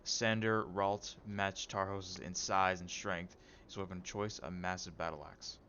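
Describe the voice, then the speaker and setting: A man with a very low voice reads game lore aloud in a relaxed way, tripping over names and dropping dry, joking comments between passages. The sound is slightly dull and carries a faint hiss behind it. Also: unhurried. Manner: stumbles over names, wry joking asides. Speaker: game streamer. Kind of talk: reading game lore aloud with casual asides.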